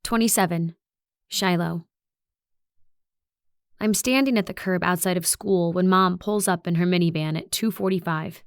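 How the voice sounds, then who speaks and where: A woman with a lowish voice narrating a young adult horror audiobook in the first person. Her telling is even and reflective, steady from line to line. The recording is dry and close, with no room around her. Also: normal speed, pauses often, clean tone, dry recording.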